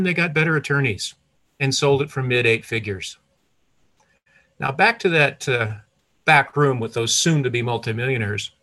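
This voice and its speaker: A man's voice: mid-range voice, moderate pace, a bit bright. An older retired man telling a personal story in a conversational way, with restarts and self-corrections.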